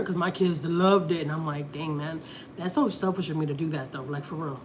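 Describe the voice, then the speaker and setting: A woman's voice: deep voice, a little hiss or hum. Chatty woman vlogger. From Texas. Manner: chatty, repeats herself, drawn-out storytelling. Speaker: family vlogger. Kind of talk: casual live-stream chat.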